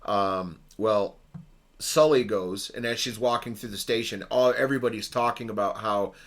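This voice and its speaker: A man's voice: fairly low pitch, normal speed. A man on a casual podcast, retelling a movie plot with frequent ums and restarts. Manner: rambling, many ums and restarts. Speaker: podcast co-host.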